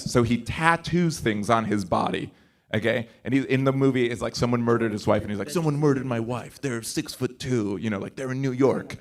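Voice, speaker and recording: A male comedian on a conference stage doing stand-up crowd work, chatty and rambling, eagerly coaxing the audience to play along. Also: medium pitch. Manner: chatty, rambling, quick restarts and asides.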